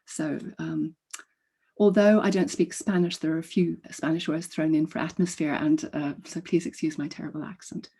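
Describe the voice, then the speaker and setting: A woman poet reading her poems aloud in a slow, measured way, with soft spoken asides between the poems. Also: low voice, steady tone, breathy edge. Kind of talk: poetry reading.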